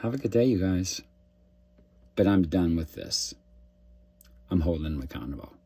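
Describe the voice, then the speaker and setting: A man delivering a preachy, deliberate message to camera with calls to action. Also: deep voice, lively intonation, a little mellow, breathy edge. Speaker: social media creator.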